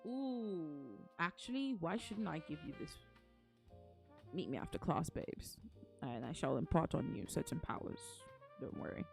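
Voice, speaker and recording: Playful, teasing woman streamer, soft music behind. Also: sits low, wildly swooping pitch, moderate pace, gravelly. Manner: playful, teasing, mock-angry, laughs often. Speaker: streamer reading to chat. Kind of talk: casual stream chat.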